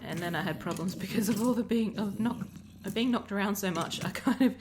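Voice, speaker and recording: In a very noisy recording, an Australian woman with a medium-pitched voice speaks fairly quickly over her Minecraft gameplay footage. As a let's player she's chatty and rambling, often abandoning sentences halfway.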